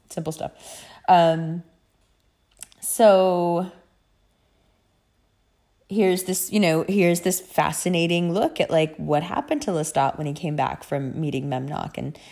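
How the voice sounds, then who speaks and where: A woman with a low, gravelly voice talks casually and profanely about a book series she loves. Her tone is mellow and dark, and she tells the story with animated, chatty energy. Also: unhurried, pauses often. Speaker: book vlogger. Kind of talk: casual chat.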